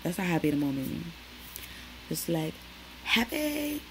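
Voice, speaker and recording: A young woman, chatting to camera in her small bedroom, slangy and animated as she tells stories. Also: low-pitched, moderate pace, slight background noise, rough recording. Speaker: vlogger. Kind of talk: casual chat to camera.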